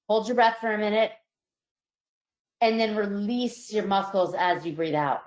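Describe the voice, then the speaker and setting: Calm woman psychologist leading guided relaxation, mid-pitched, gentle coaching, roomy recording. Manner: calm, slow, coaching tone that softens on each release. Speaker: psychologist presenter. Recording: roomy echo.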